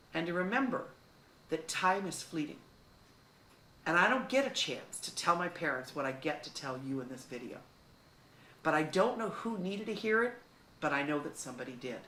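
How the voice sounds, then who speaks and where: A woman's voice: sits low, a bit bright, echoey room, a little hiss or hum, rough recording. A woman in her fifties giving heartfelt advice to camera, talking expressively and with emphasis. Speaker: video host.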